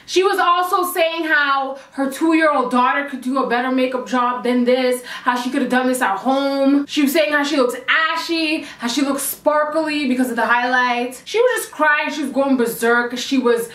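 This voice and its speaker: A young woman telling a storytime vlog in a blunt, animated, profane way. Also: sits high, moderate pace, few pauses. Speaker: vlogger. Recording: echoey room, mic at a distance.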